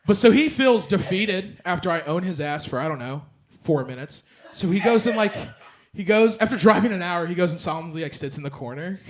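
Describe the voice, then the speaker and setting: A man's voice: sits high, expressive, a little fast, a crowd in the background. Rambling young man doing stand-up. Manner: rambling storyteller, filler-heavy, swings loud when acting out others. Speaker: stand-up comedian. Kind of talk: stand-up comedy set. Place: comedy club stage with laughing audience. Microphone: handheld stage mic.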